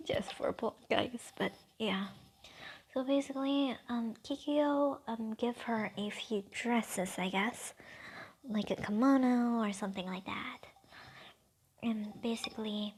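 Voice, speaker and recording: A woman's voice: a little high, takes it slowly, pauses often, breathy edge. A woman casually improvising a fan-fiction story, rambling and hesitant, often half-whispering.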